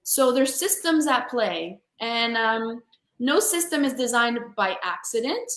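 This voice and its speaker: Woman, motivational coach, emphatic, fairly high pitch, echoey room. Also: expressive, measured pace, fairly bright tone. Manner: passionate, emphatic, calls listeners honey. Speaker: sales coach for women, guest. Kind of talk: motivational interview talk.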